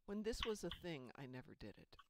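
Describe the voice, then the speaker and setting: A woman's voice: deep voice, very animated, fairly quick, slight background noise. A woman hosting a gaming stream, chatting in a rambling, casual way. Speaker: stream host. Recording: loud keyboard typing behind.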